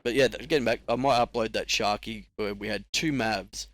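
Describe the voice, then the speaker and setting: A man's voice: lowish voice, normal speed, a bit bright, dry recording. A young man giving rambling, casual commentary over gameplay, swearing heavily and using slang. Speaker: gaming commentator.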